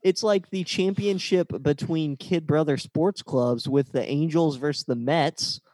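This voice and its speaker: A man with a fairly high, slightly mellow voice co-hosts a casual sports podcast, speaking unhurriedly. He reads out the matchups and leads the conversation. The recording is dry.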